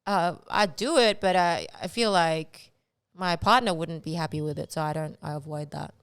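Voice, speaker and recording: A woman talks casually as a podcast guest, her voice pitched fairly low and smooth. She rambles along, stringing her thoughts together with a steady run of "like". The sound is dry and close to the mic. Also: normal speed, no room sound. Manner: chatty, heavy use of "like". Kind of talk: casual chat.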